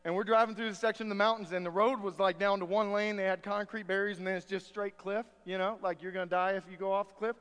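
A pastor with a high-pitched voice delivers a sermon in a folksy, conversational way, mixing scripture reading with homespun stories. His voice carries a long reverb tail from the church sanctuary. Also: little pitch movement, quick pace, few pauses, fairly bright tone, clean tone. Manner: folksy, conversational preaching with storytelling.

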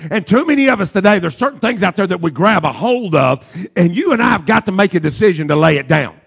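Gravelly high-voiced preacher. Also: male voice, sing-song, fast. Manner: preaching with rising shouted repetition. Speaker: pastor. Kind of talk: sermon.

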